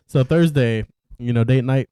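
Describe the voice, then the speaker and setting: A man's voice: medium pitch, mellow, clean tone, dry recording. A young man co-hosting a podcast, easygoing and chuckling between lines. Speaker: podcast co-host. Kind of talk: casual chat.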